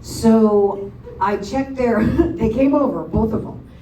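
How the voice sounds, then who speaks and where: A woman's voice: a little high, slow pace, mellow. A woman doing a stand-up comedy set in a bar, telling bawdy stories with teasing quoted dialogue. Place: bar stage. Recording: echoey bar room from far off, faint noise.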